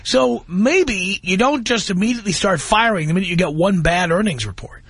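A male radio host in casual studio chat, reasoning things through in a measured way. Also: high voice, animated, a bit bright, husky, no echo. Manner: measured, reasoning, says "I mean" and "look".

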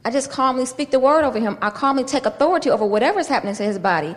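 A woman's voice: sits high, very fast, few pauses. Storytelling woman preacher, echoey hall. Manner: lively storytelling with acted-out dialogue. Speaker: pastor. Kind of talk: sermon teaching.

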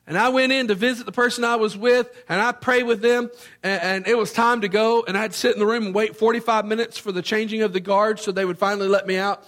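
A man, from Memphis, Tennessee, preaching a sermon as an animated storyteller who acts out the scenes. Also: high-pitched, quick pace.

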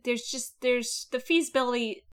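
A woman's voice: fairly high pitch, moderate pace, smooth. A woman co-hosting a casual podcast chat, blunt and skeptical, swearing casually. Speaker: podcast co-host.

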